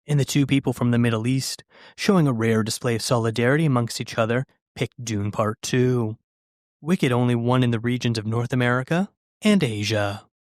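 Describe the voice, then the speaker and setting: A man's voice: medium pitch, dry recording. A man reading out vote results in a dry, matter-of-fact way with wry asides. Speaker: results narrator.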